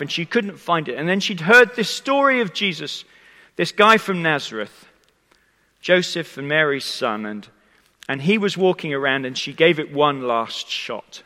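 A man's voice: on the high side, animated, moderate pace, pushed and bright. A man preaching a sermon, telling the story conversationally and speaking directly to the congregation. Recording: long hall reverb.

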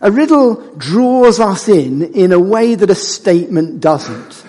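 Animated husky male preacher in a reverberant church. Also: high-pitched, slow. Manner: animated and conversational, jokes with the congregation. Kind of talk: sermon. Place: church hall. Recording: church hall with long reverb.

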